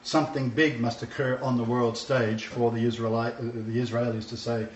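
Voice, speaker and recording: A man's voice: mid-range voice, little pitch movement, normal speed, hardly any pauses. A man preaching a sermon lecture, emphatic and repeating his key phrases. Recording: distant, roomy, dull sound.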